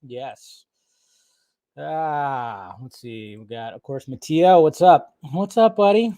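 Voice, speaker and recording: A man's voice: fairly high pitch, lively intonation, slow pace, warm tone, no room sound. A man hosting a casual live stream, chatting and joking while he greets viewers by name.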